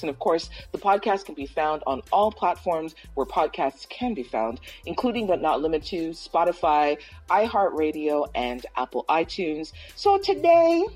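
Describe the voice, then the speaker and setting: A husky, lowish woman's voice hosts a casual podcast. Her pitch leaps around as she jokes and drops Caribbean slang. Faint music sits far behind her. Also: a little mellow. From Toronto, Canada. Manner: loose, playful, mixes in Caribbean slang. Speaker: podcast host. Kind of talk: casual chat.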